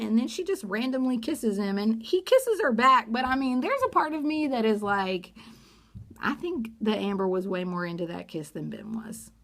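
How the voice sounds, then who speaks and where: Sarcastic, gossipy woman recapping TV. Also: on the high side. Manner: sarcastic, gossipy, acts out quotes. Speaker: reality TV recap vlogger. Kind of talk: casual TV recap chat.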